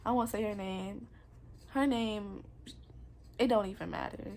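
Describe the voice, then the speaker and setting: A woman's voice: mid-range voice, steady tone, a little slow, a little mellow. Young woman telling a painful story. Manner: candid, emotional, rambling. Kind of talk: personal confessional vlog.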